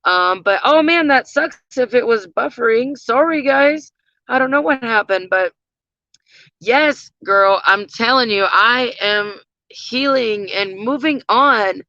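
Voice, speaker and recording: A woman's voice: fairly high pitch, lively intonation, slow, pushed and bright, no room sound. A woman vlogger chatting casually to her viewers, gushing and full of fillers. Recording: slightly dull lo-fi sound.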